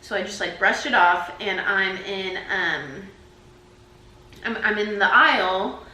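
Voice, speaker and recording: A woman's voice: mid-range voice, slow pace, sharp tone, roomy sound, low-quality recording. A woman in her twenties vlogging to her camera, telling stories in a chatty way full of "like". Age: 20s. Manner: chatty, peppered with "like". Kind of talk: casual storytelling to camera. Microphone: camera mic.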